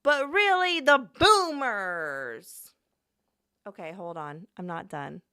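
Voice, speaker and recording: A woman doing a comic impression of a loud bigoted man ranting, with bellowed, drawn-out words. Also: fairly high pitch, big pitch swings, smooth, full character voice. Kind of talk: comedic impression on a stream.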